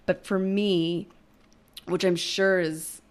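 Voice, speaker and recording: A woman's voice: on the low side, fairly even intonation, takes it slowly. A woman in her thirties talking openly and earnestly about her family in a candid conversation. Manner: earnest, open, emotional, many ums.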